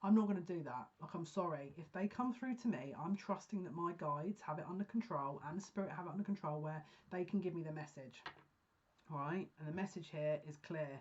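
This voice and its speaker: A woman giving a pick-a-card psychic reading, talking earnestly and emotionally with halting restarts. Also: on the low side, darkish tone. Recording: dull lo-fi sound.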